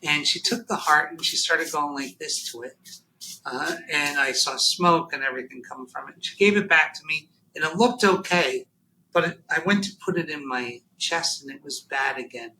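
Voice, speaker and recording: A man shares a raw personal story in an interview. He speaks haltingly and emotionally, near tears, with plenty of fillers. His voice sits a bit high and is strikingly bright and sharp. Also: a little hiss or hum, poor audio. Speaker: podcast guest.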